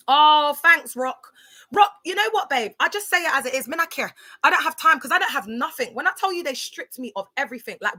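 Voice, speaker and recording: Woman, thirties, casual livestream, blunt, fairly high voice, bright and forceful tone. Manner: blunt, animated, repeats herself and addresses viewers by name.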